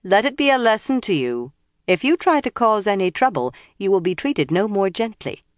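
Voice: medium pitch, sing-song, moderate pace, no room sound, pitched above the performer's own voice, close to an everyday voice. A narrator voicing a cruel, mocking woman sorceress who taunts her captives in oddly clipped phrasing, in a dry recording. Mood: gloating.

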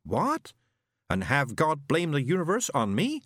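A man voicing a pompous, booming male robot servant who talks in a fussy, formal, pedantic way. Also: huge pitch swings, a little slow, fairly bright tone, dry recording, clean studio sound, full character voice. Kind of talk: audiobook character reading.

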